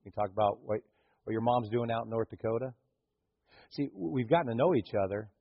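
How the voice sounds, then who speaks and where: A pastor delivering a lively sermon in a church, acting out the scenes of his story and joking with the congregation. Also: medium pitch, fairly quick, creaky, slightly rough, phone-quality sound. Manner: animated storytelling, acts out scenes, jokes with the congregation. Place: church sanctuary.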